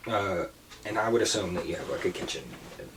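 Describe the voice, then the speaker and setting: A man narrating as game master of a tabletop game, slow and hesitant with many ums, slightly off-mic. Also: deep voice, lively intonation, distant mic, background noise.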